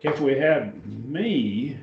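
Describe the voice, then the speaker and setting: A man's voice: mid-range voice, animated, a little hiss or hum. Man, Bible class teacher, step-by-step explaining, dull lo-fi sound, roomy echo. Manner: unhurried, explains step by step while working a computer. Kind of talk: classroom lecture on Greek words. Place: church classroom. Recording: echoey room, distant mic, dull lo-fi.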